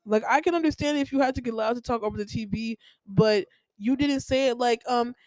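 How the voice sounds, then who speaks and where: A woman's voice: fairly high pitch, a little fast, a little mellow, dry recording, low-quality recording. A young woman hosting a podcast, telling a personal story in a rambling, heated way with lots of filler words. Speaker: podcast host.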